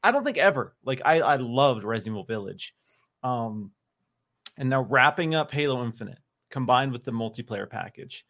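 A man's voice: mid-range voice, lively intonation, normal speed, fairly bright tone. A man co-hosting a live gaming show, talking emphatically and repeating phrases for effect. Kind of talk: casual live-stream chat.

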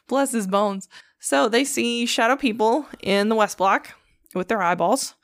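A woman's voice: fairly high pitch, unhurried, no echo. A woman hosting a podcast, retelling a story in a loose, casual way. She swears freely and acts out the lines of the people in it. The sound is dry and close, with no room around her. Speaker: podcast host.

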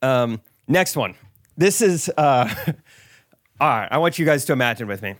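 A man co-hosting a casual podcast, laughing often as he tells a story. His voice sits at a plain middle pitch. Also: lively intonation, measured pace, fairly bright tone, no echo, clean studio sound. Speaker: podcast co-host. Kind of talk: casual chat.

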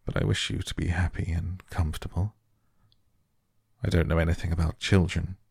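A man's voice: low voice, creaky, darkish tone, slightly rough, no echo, clean studio sound, full character voice. A man reading the part of a tired, troubled guardian who mutters distractedly. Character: weary, troubled middle-aged guardian.

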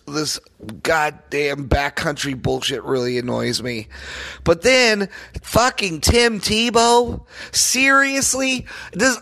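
High gravelly man in a cursing rant. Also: pushed and bright. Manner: profane, heated, sarcastic ranting. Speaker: sports podcast host. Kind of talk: solo sports podcast rant.

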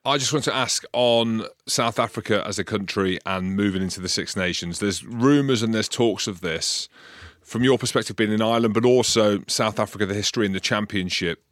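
A man's voice: fairly low pitch, a little fast, hardly any pauses, a bit bright, no echo, studio quality. A man co-hosting a rugby podcast, asking long, thoughtful questions in a casual manner. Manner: thoughtful, rambling questions with "right?". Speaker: podcast co-host.

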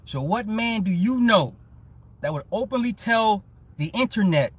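High, animated man ranting with laughs. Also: unhurried, husky. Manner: laughs often, teasing and profane; mocking, petty storytelling. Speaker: live-stream commentator. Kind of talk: casual ranting commentary to chat.

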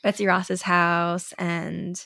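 Casual podcast co-host, woman, 30s, rambly and chatty; low register with vocal fry. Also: flat delivery, extremely slow, bright, forceful tone, no room sound, studio quality. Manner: chatty, rambling with many fillers. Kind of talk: casual chat.

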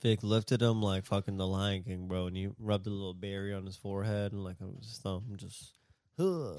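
A man's voice: sits low, level tone, fairly quick, a little mellow, clear, resonant tone, dry recording, studio quality. A man chiming in with crude jokes and short remarks in a casual chat. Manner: crude, joking interjections.

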